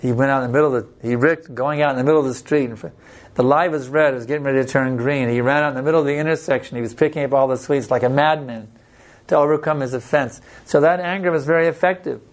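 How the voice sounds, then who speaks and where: In an unhurried, plain-spoken devotional scripture class, a man teaches and shares personal stories. His voice is medium-pitched with fairly even intonation.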